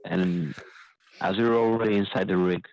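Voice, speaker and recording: Low-voiced man running a tabletop game. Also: normal speed, dry recording, highs cut off. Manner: casual, relaxed narration. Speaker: game master. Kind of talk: narrating a tabletop game online.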